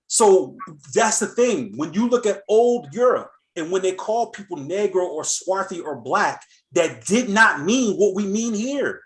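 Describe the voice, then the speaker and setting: A man's voice: high-pitched, a little slow. Rambling American man telling stories. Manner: rambling, lots of fillers and restarts, animated retelling. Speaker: host. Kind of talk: casual talk-show storytelling.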